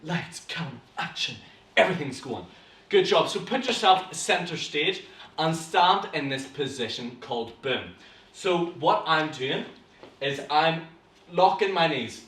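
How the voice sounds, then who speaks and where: A young Northern Irish man teaches a beginners' acting class with bright, encouraging energy. His voice rings around an echoey studio room, picked up from some way off the mic. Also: fairly high pitch. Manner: lively, encouraging, coaching warm-ups aloud. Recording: roomy echo, from a distance.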